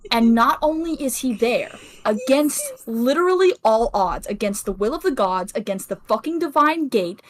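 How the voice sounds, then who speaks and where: A woman guest with a slightly high voice talks in a casual fan chat. She is emphatic and emotional, and she swears as she makes her points. Her delivery is plain, with no vocal quirks. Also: expressive, moderate pace, few pauses.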